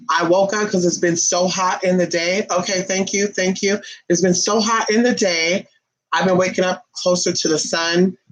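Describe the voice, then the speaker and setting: A woman's voice: on the low side, rough recording. A woman hosting a casual livestream, telling a rambling story full of profanity, chatting to her viewers and her pet as she reads comments. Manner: animated, profanity-laced storytelling; talks to viewers and a pet while reading comments. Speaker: livestream host.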